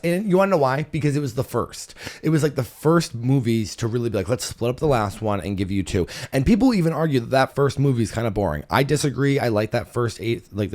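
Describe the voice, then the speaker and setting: A man hosting a comedy podcast, talking in a casual, animated monologue, laughing often, swearing and swinging between loud and soft. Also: medium pitch. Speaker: podcast host, stand-up comedian.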